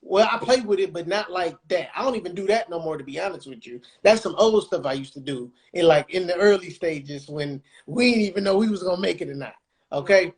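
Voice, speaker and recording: A man's voice: high voice, fairly quick. A man hosting a podcast, chatting casually and animatedly in laid-back slang. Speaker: podcast host.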